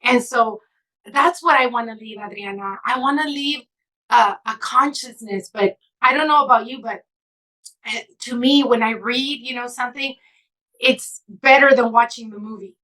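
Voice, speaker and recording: An author from California, a woman, tells stories with emotion and sincerity in an interview, now and then shifting into Spanish. Her voice is fairly high, bright and forceful at a moderate pace. It's a rough recording.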